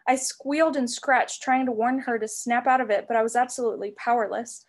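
A woman reading a novel aloud as narrator, with expressive storybook delivery. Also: on the high side, fairly quick. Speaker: reader.

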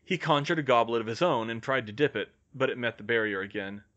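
A man reading fan fiction aloud as an audiobook, with measured storytelling. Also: mid-range voice, fairly bright tone, muffled recording. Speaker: audiobook reader.

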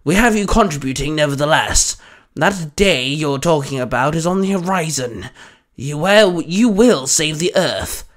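A man's voice: on the high side, lively intonation, unhurried, fairly bright tone. A man voicing a stern, commanding old male alien mentor who snaps back firmly. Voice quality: firm, snappish.

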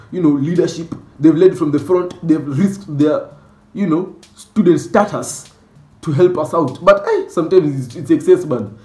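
A man doing a comic monologue about school types, animated and mock-outraged, dropping Swahili slang. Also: fairly high pitch, roomy sound. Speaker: comedy sketch creator. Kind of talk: comedic monologue with skits.

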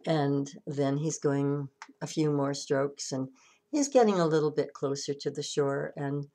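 A woman's voice: deep voice, a little slow, dark tone. A woman minister giving a sermon and retelling a story conversationally, with frequent restarts.

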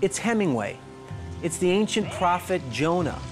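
A man's voice: sits high, sing-song, normal speed, over music. A man giving eloquent, emphatic interview commentary on a film.

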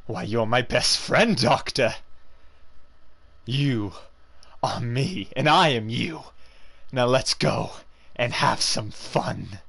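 A man voicing a sly, menacing male alter ego who speaks slowly and drawls his words. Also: medium pitch, expressive, gravelly, a bit bright, slightly rough, exaggerated voice. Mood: sinister.

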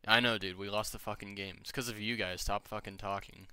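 A man's voice: lowish voice, fairly even intonation, fairly quick, sharp tone, clean tone, dry recording, studio quality. A young man chatting casually with friends while gaming, rambling, joking and swearing freely. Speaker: gamer streaming with friends.

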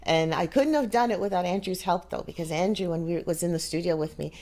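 A woman hosting a casual chat, talkative and quick to laugh. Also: fairly low pitch, darkish tone. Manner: chatty, laughs easily. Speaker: host.

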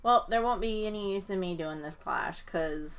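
A woman co-hosting a casual gaming livestream, excitable and playfully whiny as she chats. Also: on the low side, normal speed. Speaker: livestream co-host.

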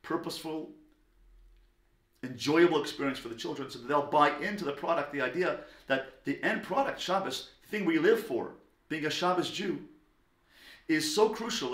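A man giving a lecture on parenting, talking emphatically and swinging between loud stressed words and soft low asides. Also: moderate pace. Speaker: parenting teacher. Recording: echoey room.

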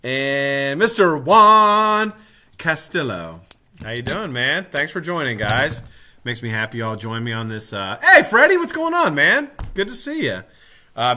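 A man's voice: mid-range voice, bright, forceful tone. A tired, middle-aged man hosting a casual live stream, swearing freely and greeting viewers by name.

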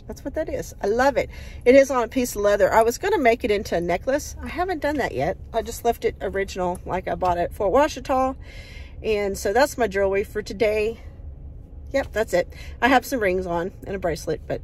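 A cheerful woman talks loosely to her followers outdoors, wandering from topic to topic with plenty of "uh"s. Her voice sits a little high for a woman, friendly and folksy. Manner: folksy and upbeat, rambling with fillers. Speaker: vlogger. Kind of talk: casual chatty vlog.

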